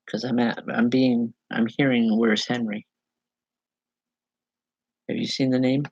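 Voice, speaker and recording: A woman medium giving a live spiritual reading to viewers, speaking in halting, repeated phrases with soft reassurance. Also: extremely low pitch, flat delivery, no echo, highs cut off. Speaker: psychic medium.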